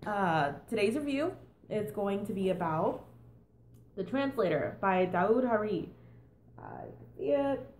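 A woman's voice: medium pitch, lively intonation, unhurried, long pauses, darkish tone, echoey room, a little hiss or hum. Sing-songy young woman reviewing a book. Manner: chatty with many fillers and "and stuff". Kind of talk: casual book review vlog.

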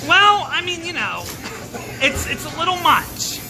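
A performer voicing a short-tempered, foul-mouthed elderly grandmother who gripes gruffly and curses through a comedy sketch. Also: extremely high pitch, big pitch swings, measured pace, music in the background, heavily acted. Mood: grumbling. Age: older. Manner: gruff, cursing, complaining. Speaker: comedy character host.

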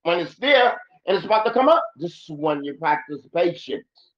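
A man's voice: high-pitched, sing-song, normal speed, roomy sound. A man teaching a lesson in a mosque, switching between Arabic and English and acting out angry people. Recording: dull lo-fi recording.

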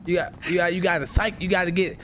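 Brash high-voiced man coaching in game chat. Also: steady tone, fairly bright tone, slight background noise. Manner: brash, profane, coaching, quick restarts. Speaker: streamer playing a roleplay game.

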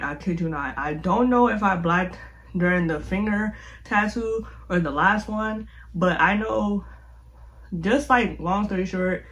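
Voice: medium pitch, fairly bright tone, highs cut off. Chatty young vlogger telling a storytime. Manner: chatty, heavy use of "like", slangy. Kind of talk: casual storytime narration.

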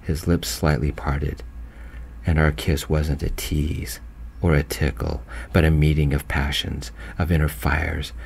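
A man narrating his own romance story in a gentle, slow, soft-spoken voice. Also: rumbling low, flat delivery, creaky, slightly rough.

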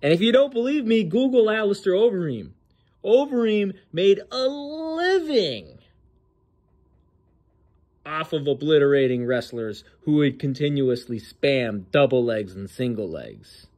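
A man's voice: on the high side, sing-song, measured pace, a little mellow. Sneering, slangy male commentator. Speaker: host. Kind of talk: casual political commentary.

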